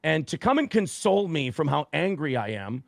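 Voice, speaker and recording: A man, a guest on a talk stream, telling a story in a casual, profane, animated way and acting out the quotes. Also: a little high, moderate pace, vocal fry, dry recording, clean studio sound.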